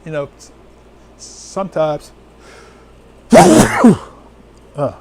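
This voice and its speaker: A male preacher with a lively, swinging pitch who takes his time over every word. He reads scripture in a drawn-out way and breaks into casual asides, with a faint hiss of noise behind him. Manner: slow, drawn-out scripture reading with sudden whoops and laughs; casual, talks to viewers live. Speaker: elder preaching. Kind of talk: sermon reading scripture.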